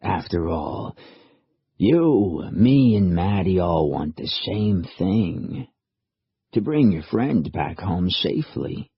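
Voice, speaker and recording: Man playing a calm, coaxing interrogator. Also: low-pitched, slow pace, breathy edge, dry recording, heavily acted. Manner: casual, coaxing. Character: calm, smooth-talking male interrogator. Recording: dry, slightly dull audiobook recording.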